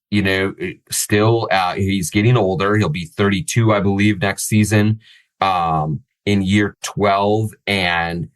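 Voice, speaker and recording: Deep-voiced man, halting sports talk. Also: rough recording. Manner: hesitant, many fillers and restarts. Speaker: sports podcast host. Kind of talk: casual analytical chat.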